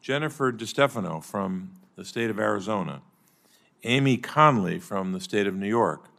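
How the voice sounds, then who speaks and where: An older man chairing a formal hearing, giving measured opening remarks with some halting restarts. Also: fairly low pitch, expressive, gravelly, fairly bright tone. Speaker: committee chairman.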